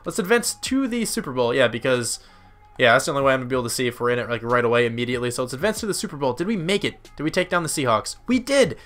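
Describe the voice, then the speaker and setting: Young man, rapid chatty game commentary, bright forward tone, rambling fillers. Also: medium pitch, animated, soft background music. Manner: chatty, thinks aloud, lots of "like" and "uh". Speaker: gaming YouTuber. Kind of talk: casual gameplay commentary.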